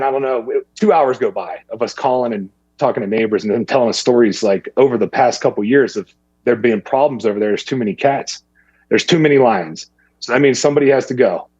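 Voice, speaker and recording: A man's voice: mid-range voice, slightly rough, dry recording, dull audio. A man, casually telling a hunting story and acting out what people said to him. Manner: animated, acts out other people's lines in a raised voice.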